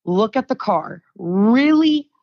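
A woman's voice: on the low side, steady tone, unhurried. A young adult woman, a podcast guest, telling a story in casual chat and acting out the quoted dialogue. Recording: dull, lo-fi dry sound.

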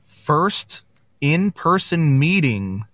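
A man's voice: a little high, big pitch swings, drawn-out words, fairly bright tone, no echo. A man chatting casually on a podcast, telling a long story with many fillers and restarts. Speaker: podcast guest.

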